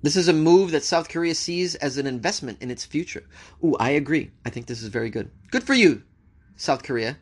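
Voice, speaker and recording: This American news host has a slightly high, husky voice that is expressive and fairly quick. Reading the stories aloud, he cracks wry jokes and answers back to the news in a casual, commentary-style manner.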